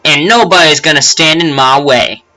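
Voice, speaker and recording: A man voicing a brash, impatient boy rival trainer, reading game dialogue aloud with a loud, demanding manner. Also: a little high, normal speed, poor audio. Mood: boastful.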